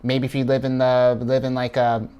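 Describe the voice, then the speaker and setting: A man's voice: mid-range voice, monotone, normal speed, smooth, highs cut off. A man hosting his own channel and giving a casual tarot card reading in an upbeat, chatty way, drawing words out and laughing often.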